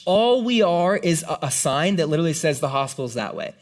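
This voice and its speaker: A pastor delivers a sermon in a slightly high voice, talking to the room as if in a relaxed chat. He is earnest and plain-spoken, and he often pauses to ask the listeners "right?". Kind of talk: conversational sermon. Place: room with a live congregation.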